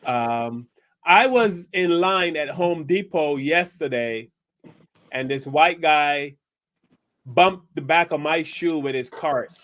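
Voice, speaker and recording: A man hosting a casual talk show, relaxed and easy, reading out viewer comments. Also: fairly high pitch, slow pace. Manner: relaxed, laughs easily, reads comments aloud. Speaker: show host. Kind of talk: casual panel chat.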